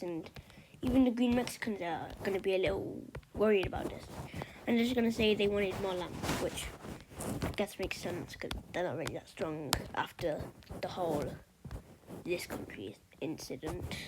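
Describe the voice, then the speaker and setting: A woman's voice: mid-range voice, normal speed. Rambling casual woman, noisy recording. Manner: rambling, filler-heavy, offhand. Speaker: map video creator. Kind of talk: casual commentary over a map.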